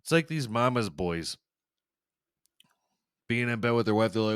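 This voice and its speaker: A man's voice: fairly low pitch, animated, unhurried, long pauses, smooth, no room sound, clean studio sound. A man hosting a podcast, delivering a rambling, profane, sarcastic comedic rant. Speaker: podcast host. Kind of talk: comedic ranting monologue.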